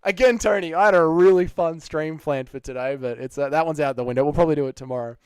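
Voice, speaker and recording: A man's voice: fairly high pitch, fast, darkish tone, smooth, no room sound, studio quality. An Australian man hosting a live stream, answering chat in a blunt, sarcastic, swearing way.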